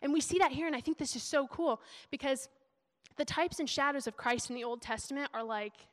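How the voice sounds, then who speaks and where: A woman's voice: high-pitched, brisk, a bit bright. A young woman giving a sermon in a chatty, emotional way. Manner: emotional, chatty, laughing preacher. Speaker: preacher. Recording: long hall reverb.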